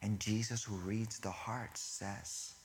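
A man preaching a sermon to a congregation. He talks in animated bursts, then drops to hushed near-whispers, and he corrects himself and laughs in asides. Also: on the low side, slow pace, a little hiss or hum.

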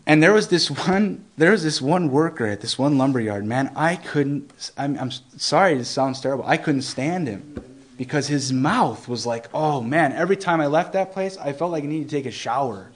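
A young man giving an informal Bible teaching, earnest and conversational, often restarting phrases and slowing down to stress scripture. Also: on the high side, lively intonation. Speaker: preacher.

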